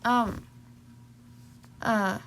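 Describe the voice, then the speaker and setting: A woman's voice: a little high, fairly even intonation, drawn-out words. A woman telling a homemade role-play story, switching between voices of bickering siblings. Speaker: storyteller voicing all characters. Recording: loud background noise.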